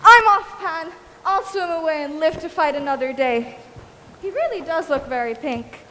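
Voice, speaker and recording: A woman's voice: sits high, animated, normal speed. A woman on a school stage playing a theatrical, blustering pirate captain, recorded in an echoey hall. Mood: panicked. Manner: theatrical, exclaiming. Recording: echoey hall, faint noise.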